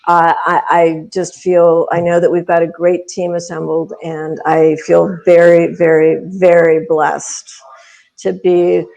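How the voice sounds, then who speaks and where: A woman who leads a pageant organization, chatting on a video panel in a halting way, often laughing and thanking people. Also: fairly low pitch, level tone, gravelly, darkish tone. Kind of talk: casual video panel chat.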